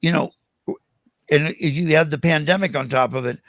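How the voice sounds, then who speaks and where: An older man, a guest on a podcast, telling animated stories in casual conversation and acting out the voices of the people in them. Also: a little high, normal speed, no echo. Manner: animated anecdotes with acted-out quotes. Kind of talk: casual storytelling interview.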